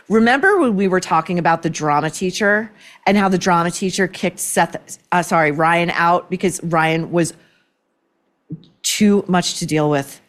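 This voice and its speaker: A woman's voice: fairly low pitch, normal speed, a bit bright. A woman hosting an opinion commentary show, talking in a sarcastic, indignant, worked-up way. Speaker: podcast host.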